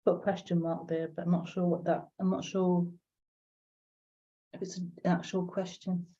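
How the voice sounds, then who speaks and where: A woman with a lowish, warm voice talks at a moderate pace in a flat delivery while hosting a live spiritual broadcast. She muses aloud and answers chat questions, repeating phrases and using many fillers. The stream audio is dull and lo-fi.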